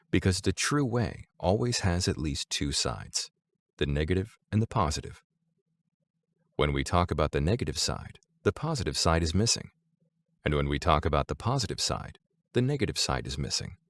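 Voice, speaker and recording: A man reading Zen teachings aloud in a measured, deliberate audiobook style. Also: deep voice, no echo.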